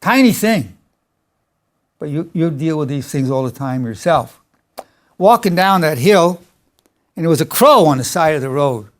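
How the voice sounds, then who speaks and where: A man's voice: on the high side, expressive, moderate pace, pauses often. An older man, a psychologist, giving a motivational lecture in an emphatic, self-assured way and illustrating it with personal stories.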